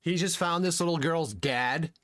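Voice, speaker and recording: A man's voice: fairly high pitch, moderate pace, fairly bright tone. A man hosting a reaction video, blurting profane, disbelieving exclamations. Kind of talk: live reaction commentary.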